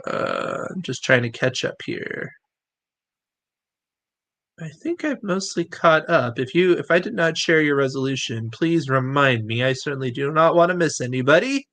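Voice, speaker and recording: Excitable man hosting. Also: fairly high pitch, moderate pace. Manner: enthusiastic, rambling, laughs often. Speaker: host. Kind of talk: livestream chat.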